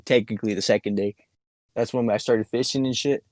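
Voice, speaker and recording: A man's voice: fairly low pitch, steady tone, a little fast, darkish tone. A young man co-hosting a podcast, telling a long rambling story in casual chat, swearing a lot and laughing often. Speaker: podcast co-host. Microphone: podcast microphone.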